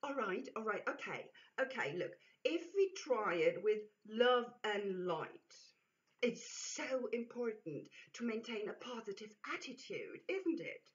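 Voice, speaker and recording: A woman's voice: on the high side, expressive, measured pace, distant mic. A woman voicing a placating man who keeps urging positivity, on a dull lo-fi recording. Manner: placating, repeating himself. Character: soothing male optimist reading positive slogans.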